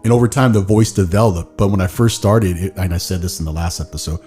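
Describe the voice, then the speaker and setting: A man's voice: low voice, fast talker, dark tone, faint music behind. A man hosting a podcast in casual chat, rambling and laughing at himself. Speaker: podcast host.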